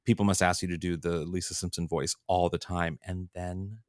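A man with a low voice co-hosts a podcast and talks casually. He sounds playful and enthusiastic, and he gushes at times. His microphone sound is dry and close. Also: little pitch movement, normal speed, no room sound. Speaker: podcast co-host. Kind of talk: casual chat.

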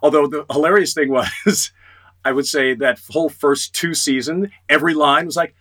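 Middle-aged male guest, animated raconteur, bright tone, a touch high. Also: normal speed. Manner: animated storyteller, quotes others in lively voices. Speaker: voice actor guest. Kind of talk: casual interview storytelling.

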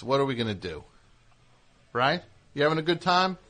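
This radio host's medium-pitched voice is a bit bright and swings widely in pitch. On his call-in show he teases callers, rambles through stories, and keeps the banter quick, all heard as a radio broadcast.

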